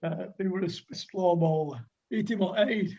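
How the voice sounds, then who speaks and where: A man in his sixties with a broad Lancashire accent tells stories in a rambling, chatty way, full of dialect words and fillers. His voice sits high and sounds husky. The recording is dull and lo-fi. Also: normal speed, a little mellow. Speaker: podcast guest, former cricketer. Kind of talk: anecdotal storytelling.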